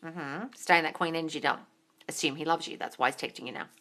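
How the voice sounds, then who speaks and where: A woman hosting a live Q&A, reading viewer comments aloud with excitable, gushing energy, swearing casually and calling viewers darling. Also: sits low, quick pace. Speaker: manifestation coach and live-stream host.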